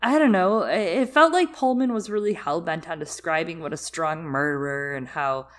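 A woman's voice: low voice, normal speed. Chatty young woman discussing a book. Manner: chatty, animated, lots of filler words. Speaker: podcast co-host.

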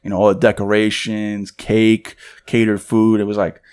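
A young man co-hosting a podcast, telling a story in a loose, animated way and acting out the voices of the people in it. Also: lowish voice, moderate pace, smooth. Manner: loose and conversational, many fillers. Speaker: podcast co-host. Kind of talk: casual storytelling chat.

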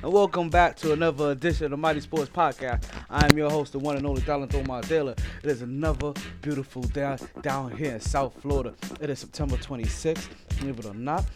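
A man's voice: medium pitch, steady tone, brisk, hardly any pauses. A man hosting a sports podcast, speaking in an upbeat, declamatory way. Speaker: podcast host. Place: South Florida. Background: music.

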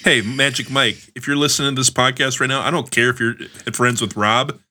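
A man co-hosting a podcast who jumps in with quick wisecracks. His voice is strikingly bright and sharp. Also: medium pitch, steady tone. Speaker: podcast co-host. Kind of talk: casual podcast banter.

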